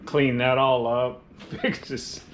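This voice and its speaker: A man's voice: medium pitch, level tone, slow pace. A man who builds motorcycles, talking shop in a casual, plainspoken, technical way. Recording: echoey room with faint background noise.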